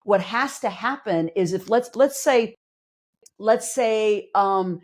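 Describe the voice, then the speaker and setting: A woman's voice: mid-range voice, slow pace. A woman clinical psychologist and life coach, explaining ideas earnestly in a casual podcast conversation, with emphatic, everyday examples.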